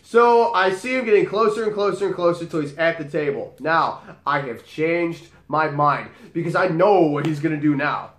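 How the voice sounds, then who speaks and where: A man's voice: on the high side, normal speed, hardly any pauses, a bit bright, echoey room. A man who works as a bar bouncer, telling a story in a profane, dramatic way and acting out the dialogue. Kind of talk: storytelling vlog.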